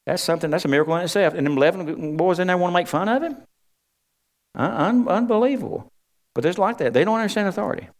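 A man's voice: sits high, expressive, quick pace. A middle-aged man preaching a sermon, folksy and humorous. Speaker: pastor.

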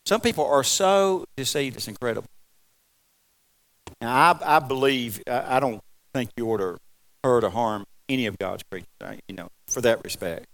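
A man preaching a folksy, rambling sermon, swinging from loud exclamations to quiet asides. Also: mid-range voice, animated, normal speed, vocal fry. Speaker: pastor.

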